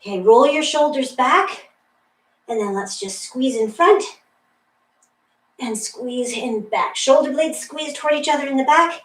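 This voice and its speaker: A woman's voice: high-pitched, animated, unhurried, long pauses, far from the mic. Upbeat, encouraging woman in an echoey room. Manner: upbeat, encouraging, laughs often. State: a little out of breath. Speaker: fitness instructor. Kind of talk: guided workout instruction. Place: room with a wall and ceiling tiles, indoors.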